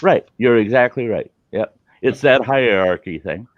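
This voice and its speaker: A man's voice: mid-range voice, expressive, measured pace, no echo. Blunt, profane male podcast host. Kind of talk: casual chat. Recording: dull, dry lo-fi audio.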